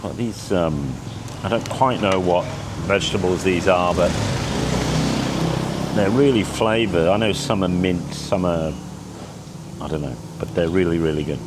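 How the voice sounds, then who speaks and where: A man with a slightly croaky voice chatting casually in a travel vlog, trailing off mid-sentence as he talks. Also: low voice, measured pace, pauses often. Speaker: travel vlogger. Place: outdoors on busy streets and in cafes. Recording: loud street traffic noise. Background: traffic and motorbikes.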